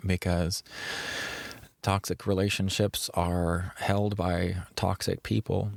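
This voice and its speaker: Low creaky-voiced man telling a heartfelt story. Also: flat delivery, slow pace, a little mellow, no room sound. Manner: earnest and reflective, drawing out key words. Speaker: podcast host. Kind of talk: personal storytelling podcast.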